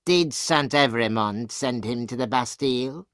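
A man voicing a sly English spy in an audiobook, asking slow, prying questions. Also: mid-range voice, fairly bright tone, smooth, no echo, clean studio sound, lightly acted.

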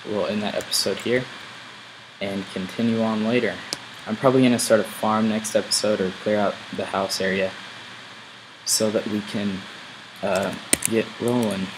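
Low-pitched guy chatting through his game, talking to himself, clear hum of noise behind him. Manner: chatty, thinks aloud while playing. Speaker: gameplay video host. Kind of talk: casual gameplay commentary.

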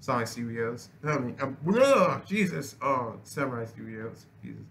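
A man's voice: mid-range voice, lively intonation, moderate pace, gravelly, a bit bright, a little hiss or hum. A young man giving casual, profane gameplay commentary, rambling and restarting his sentences. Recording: game music playing behind voice.

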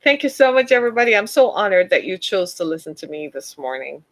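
A woman's voice: mid-range voice, big pitch swings, fast talker, low-quality recording. A woman giving an emphatic, preacher-like motivational talk to her listeners, calling them "y'all.". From United States. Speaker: speaker addressing listeners.

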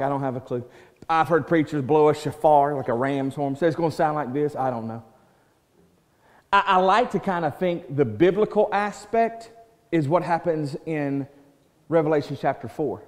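A male pastor preaching a sermon, swinging from loud proclaiming to soft hushed quoting and restarting words as he builds a point. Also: fairly high pitch. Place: church sanctuary. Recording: church hall reverb.

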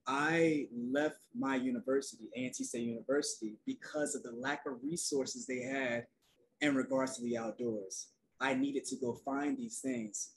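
Soft-spoken relaxed young man. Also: mid-range voice, normal speed, slight background noise, poor audio. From North Carolina, USA. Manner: soft-spoken and relaxed, calls it his quiet storm voice. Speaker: guest, outdoor youth program founder. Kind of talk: casual panel conversation.

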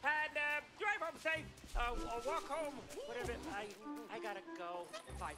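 A man voicing a small one-eyed male monster doing an awkward, halting stand-up set in a video game. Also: very high-pitched, sing-song, over loud music. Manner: halting, awkward delivery with stammers.

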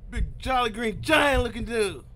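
A man playing through a horror game, reacting out loud in jumpy, slangy commentary and talking to himself. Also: very high voice, expressive, measured pace, a little hiss or hum. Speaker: gaming channel host.

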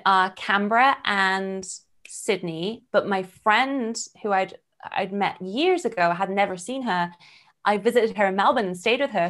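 A woman's voice: medium pitch, fairly bright tone. A woman whose accent mixes English and American speech, chatting as a guest in a live online workshop. She talks in a bubbly, chatty way and giggles often, heard through a video call mic. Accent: transatlantic, mix of English and American. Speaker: workshop guest, burlesque performer.

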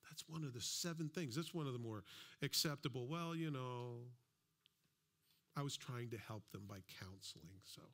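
A man preaching a sermon in a casual, conversational way, reading scripture slowly and acting out little everyday exchanges. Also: medium pitch, a bit bright. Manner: conversational, plays out little imagined dialogues; slows down to read scripture aloud. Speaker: pastor.

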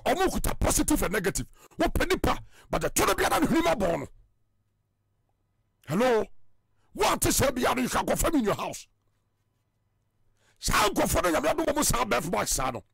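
Ghanaian evangelist man, high husky voice, jumps all over in pitch, dry close sound. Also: dry recording. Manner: emphatic, rising to loud bursts. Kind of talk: preaching in Twi and English.

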